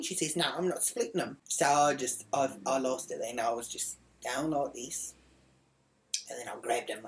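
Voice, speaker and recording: A middle-aged woman telling a profane comic story and acting out the quotes in a raised voice. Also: extremely low pitch. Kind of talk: comic monologue.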